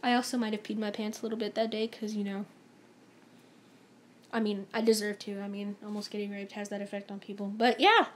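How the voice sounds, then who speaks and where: A woman's voice: medium pitch, level tone, fairly quick, a little hiss or hum. A young woman vlogger telling a story-time tale in a chatty, emphatic way, acting out the dialogue.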